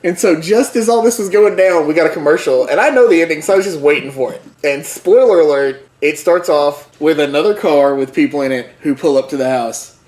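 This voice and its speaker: A man's voice: a little high, fairly quick, few pauses, a little mellow. A man hosting a casual podcast chat, telling a rambling, jokey movie recap with lots of asides. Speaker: podcast co-host. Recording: roomy echo.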